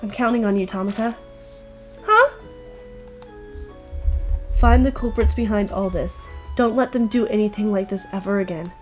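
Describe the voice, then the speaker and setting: A woman voicing a remorseful teenage schoolgirl who has killed someone, speaking low, quiet and resigned. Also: fairly even intonation, measured pace, long pauses, soft background music, close to an everyday voice.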